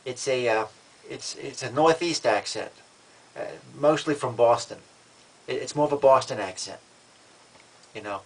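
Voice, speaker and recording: Guy ranting into his camera, calm and matter-of-fact but defiant, keeps restarting his words. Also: medium pitch, moderate pace, pauses often, low-quality recording. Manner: frequent restarts and repeated words. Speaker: vlogger. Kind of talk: casual vlog monologue.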